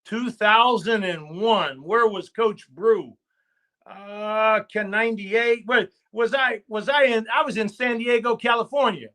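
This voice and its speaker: A man's voice: high-pitched, measured pace, bright, forceful tone. A man, a football coach, telling stories in an interview with emphatic, repetitive phrasing and rallying asides. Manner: emphatic and repetitive, rallying with "okay?" and "I'm gonna tell you what". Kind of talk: animated storytelling in a live stream interview.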